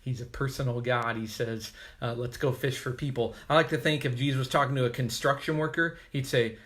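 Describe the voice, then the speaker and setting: A man's voice: mid-range voice, fairly even intonation, fairly quick, few pauses, a bit bright. A male pastor giving a casual, conversational devotional sermon with joking asides.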